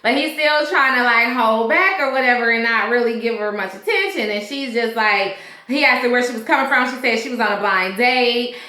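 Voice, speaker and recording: Bright-voiced woman recapping TV, echoey room. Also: on the high side, brisk. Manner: animated, slangy retelling with quoted voices. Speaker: TV episode reviewer. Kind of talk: casual recap chat.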